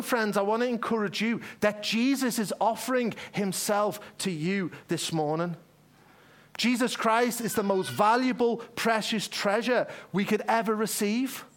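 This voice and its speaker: A man preaching a sermon in an earnest, conversational way, often restarting his phrases. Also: sits high.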